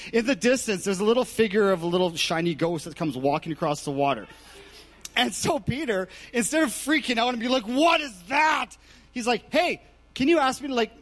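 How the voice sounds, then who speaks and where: A man preaching a sermon, telling stories with lively shouted asides and jokes. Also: sits high.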